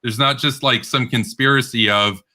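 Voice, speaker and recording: Combative bright-voiced man debating. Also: medium pitch, fairly even intonation, moderate pace. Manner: combative, interrupting, laughing scornfully. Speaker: debate host. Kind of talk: heated online debate.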